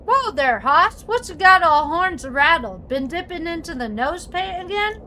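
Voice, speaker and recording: A woman voicing a rowdy Old West cowboy woman with loud, twangy cowboy slang. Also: high voice, expressive, unhurried, a little hiss or hum, heavily acted. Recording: faint music behind.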